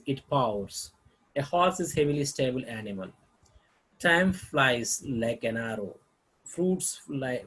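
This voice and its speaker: A man's voice: medium pitch, husky, rough recording. A man teaching a lesson on figures of speech, reading examples aloud with frequent halts and restarts.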